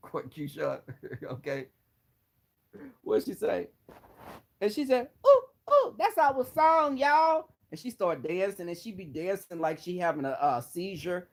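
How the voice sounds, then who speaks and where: A man with a high voice gives dramatic, sassy commentary. His pitch swoops up and down a lot. His roasts are animated. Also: measured pace, long pauses, poor audio. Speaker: vlogger.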